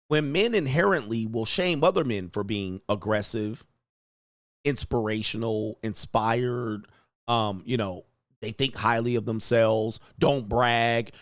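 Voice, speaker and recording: A man hosting a commentary show, ranting bluntly and mockingly, with profanity and quick mimicked voices. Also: mid-range voice, a bit bright, no echo, clean studio sound. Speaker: host. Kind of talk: casual commentary rant.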